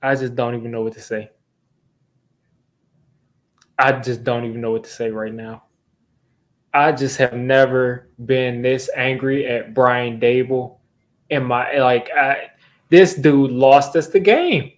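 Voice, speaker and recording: A man's voice: mid-range voice, flat delivery, a little slow, pauses often. A young man hosting a sports fan channel, ranting in exasperation during a live football reaction, repeating himself as he vents.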